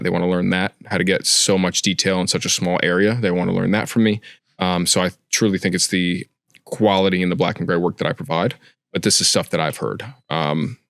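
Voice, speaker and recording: A man's voice: low-pitched, vocal fry, a bit bright, no room sound, clean studio sound. A man co-hosting a casual podcast, talking bluntly and cursing a lot. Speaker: podcast co-host, tattoo artist. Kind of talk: casual chat.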